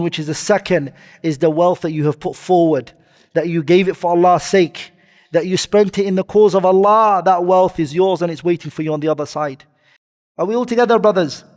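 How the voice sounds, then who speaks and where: Male preacher, high register, delivers a sermon with Arabic quotes and questions to the crowd, reverberant hall. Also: a little mellow. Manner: quotes Arabic then explains in English, asks the audience questions. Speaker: Islamic preacher.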